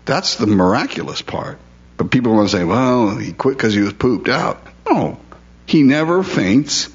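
A man's voice: medium pitch, lo-fi sound. A male pastor preaching a conversational sermon, asking his listeners questions and confessing his own struggles.

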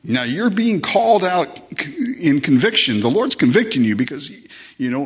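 A man's voice: fairly high pitch, sing-song, normal speed. Guy preaching a casual sermon, voice swoops up and down a lot, muffled lo-fi sound. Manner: conversational preaching, rhetorical questions, acts out quoted voices. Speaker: pastor. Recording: dull lo-fi sermon recording.

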